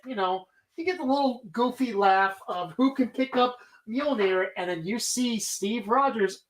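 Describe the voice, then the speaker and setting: A woman's voice: fairly high pitch, poor audio. A woman hosting a casual movie bracket show, talking animatedly and rambling, swearing freely as she argues her picks. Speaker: podcast host.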